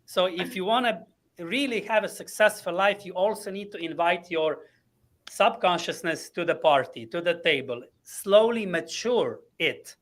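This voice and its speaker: A man with a notably high-pitched voice speaks as a guest in an interview, explaining his coaching ideas in earnest. He often hesitates and reaches for the right word, filling gaps with "uh" and "um". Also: lively intonation, moderate pace, fairly bright tone. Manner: earnest, searching for words with frequent fillers.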